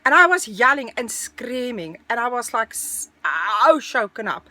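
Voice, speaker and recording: A middle-aged woman telling a personal story in a casual, animated storytelling way. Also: a little high, a little slow, hardly any pauses, dry recording. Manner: animated, breathless storytelling, dramatic retelling.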